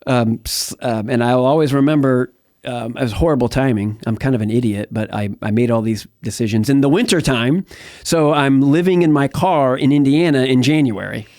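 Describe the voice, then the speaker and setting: A man's voice: medium pitch, moderate pace, a little mellow, no echo, clean studio sound. A middle-aged man from the United States telling his life story as an interview guest, candid and rambling, with many fillers and restarts. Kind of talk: personal testimony in conversation.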